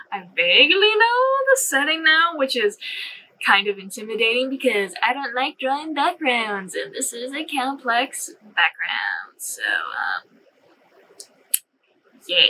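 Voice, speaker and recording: A woman's voice: a little high, sharp tone, rough recording. A woman comic artist talking casually in her own vlog, rambling, stopping herself mid-sentence and laughing at her own slips.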